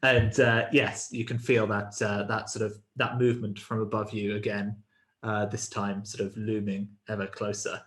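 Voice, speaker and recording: A man running a tabletop game as game master, describing the scene in a halting way with many fillers and restarts. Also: lowish voice, level tone, a bit bright, echoey room. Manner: hesitant, full of ums and restarts.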